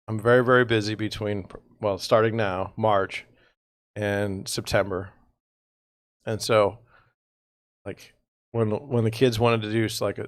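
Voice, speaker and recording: Hosting a casual real estate livestream, a man with a low, gravelly voice drifts from one complaint to the next, sarcastic and exasperated. He's tired and yawning, and the recording is dry and close without any room echo.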